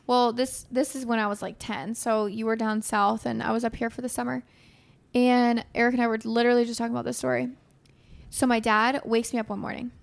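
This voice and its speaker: A young adult woman hosting a casual chat, telling stories in an animated way and swearing freely. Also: on the high side, a little fast, vocal fry. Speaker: host.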